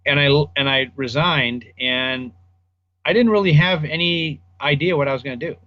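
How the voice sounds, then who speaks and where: A man's voice: a little high, normal speed, lo-fi sound. Older man spinning rambling studio stories. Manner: rambling anecdotal, acts out quoted dialogue. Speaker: guest audio designer. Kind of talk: casual storytelling interview.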